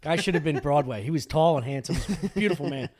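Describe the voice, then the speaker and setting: A man telling a long animated story in casual podcast chat, swearing freely. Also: fairly high pitch, fast. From Italian-American. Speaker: podcast host.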